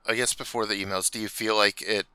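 A man co-hosting a podcast, talking casually about a film in a halting way with many fillers. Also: on the low side, fairly even intonation, pushed and bright, clean tone, dry recording. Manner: halting, hesitant, frequent fillers, laughs. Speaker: podcast co-host. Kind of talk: casual film review chat.

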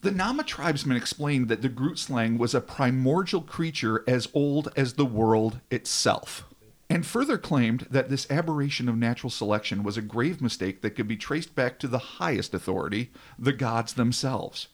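A man's voice: mid-range voice, lively intonation, normal speed. Man reading a dramatic script with jokes. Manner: reads a dramatic script with joking asides. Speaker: podcast host. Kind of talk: casual storytelling podcast.

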